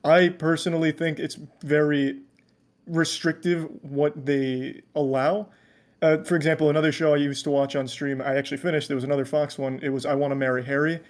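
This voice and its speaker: Blunt man with a slightly high voice. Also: little pitch movement, brisk. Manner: blunt, opinionated, joking. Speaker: guest streamer. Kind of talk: casual chat.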